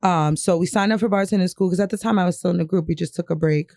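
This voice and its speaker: A woman's voice: lowish voice, fast, darkish tone, no echo, clean studio sound. A young woman from New York telling a personal story on a podcast, candid and profane, often laughing. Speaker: podcast co-host. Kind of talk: casual storytelling chat.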